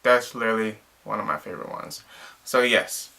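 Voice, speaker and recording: A man's voice: fairly low pitch, fairly quick, gravelly, sharp tone. A young man casually reviewing a movie, rambling and exasperated, with lots of filler words.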